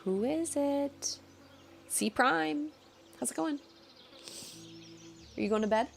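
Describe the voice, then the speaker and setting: A young adult woman chats while playing a game, thinking aloud and laughing easily as a gaming streamer. She speaks slowly in a high, gravelly voice, and the recording has a little hiss or hum.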